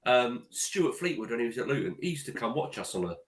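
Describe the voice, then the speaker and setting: A man co-hosting a podcast, telling animated, sweary stories in casual chat. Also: medium pitch, fast. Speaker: podcast co-host and amateur footballer.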